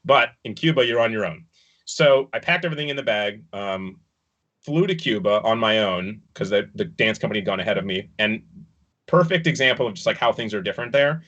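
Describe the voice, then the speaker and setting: Male panelist, low voice, forceful, chatty storyteller, muffled call audio. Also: lively intonation, a little fast. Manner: rambling, with many fillers and restarts, chuckling at times. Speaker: video and projection designer on a dance production. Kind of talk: casual recounting in an online panel discussion.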